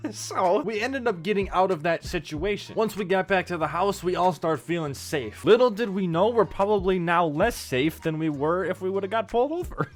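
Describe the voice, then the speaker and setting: Animated young man telling a story. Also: high-pitched, normal speed. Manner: animated, emphatic, laughs often at his own story. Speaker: gaming YouTuber telling a story. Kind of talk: casual storytime narration over gameplay.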